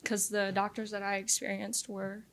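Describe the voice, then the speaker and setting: A woman's voice: mid-range voice, level tone, moderate pace, fairly bright tone. A young woman from Louisiana telling her personal testimony as an interview guest, in an earnest, confessional way with lots of "like" fillers.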